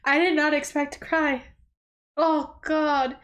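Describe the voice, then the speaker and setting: High-pitched woman doing a show reaction, swears a lot, gasps and exclaims at the screen. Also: fairly even intonation, takes it slowly, fairly bright tone. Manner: blunt, swears freely, talks straight to the screen; emotional, exclaims and gasps often. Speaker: reaction video host. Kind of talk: casual reaction commentary.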